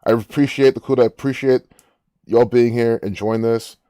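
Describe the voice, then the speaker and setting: A man's voice: medium pitch, steady tone, normal speed, mellow, no room sound, studio quality. A man hosting a casual commentary, rambling and musing aloud with frequent restarts. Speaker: gematria channel host.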